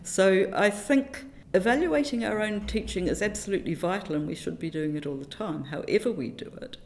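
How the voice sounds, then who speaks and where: A middle-aged woman from New Zealand, a teacher educator telling stories in an interview, animated and self-deprecating, fond of quoting little sayings. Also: mid-range voice, fairly quick, a little hiss or hum. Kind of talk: reflective conversational interview.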